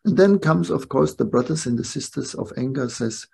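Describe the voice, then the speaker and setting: Gravelly-voiced older man teaching. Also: medium pitch, animated, moderate pace, dark tone. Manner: reflective, keeps checking in with "yeah?" and "no?". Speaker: spiritual teacher. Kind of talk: spiritual talk to a live group.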